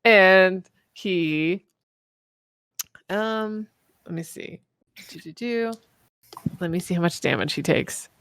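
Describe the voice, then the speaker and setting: A woman's voice: on the low side, takes it slowly, long pauses, fairly bright tone, clean tone, no echo, studio quality. A woman narrating as game master of a tabletop game, rambling with lots of fillers and laughter.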